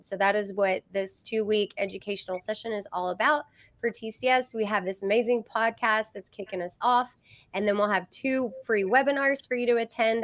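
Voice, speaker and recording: A woman's voice: mid-range voice, no echo. Woman, Southern US accent, podcast host, chatty, fillers, dry close sound. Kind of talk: casual live podcast hosting.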